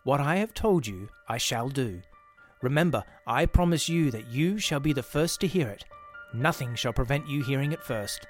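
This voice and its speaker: A man reading the part of an obsessed male church organist, speaking in a hushed, urgent way that turns pettish. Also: mid-range voice, animated, moderate pace, faint music behind, close to an everyday voice. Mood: insistent.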